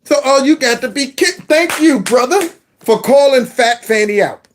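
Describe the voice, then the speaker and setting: Man, reaction commentator, folksy and excitable, pitch all over the place. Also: normal speed, a little hiss or hum. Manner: animated, folksy, talks back to the clips. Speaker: commentator reacting to news clips.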